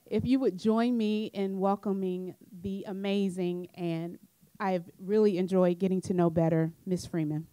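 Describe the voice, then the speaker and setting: A woman hosting an event in a university auditorium gives a warm, formal introduction of the guest speaker. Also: medium pitch, fairly even intonation, unhurried, clear, resonant tone, dry recording, rough recording.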